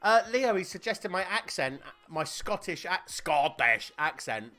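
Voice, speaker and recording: A man's voice: high voice, very animated, a little slow, pushed and bright, faint music behind. A man with a Northern Irish accent co-hosting a podcast, swearing and laughing through casual banter. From Northern Ireland. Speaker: podcast co-host.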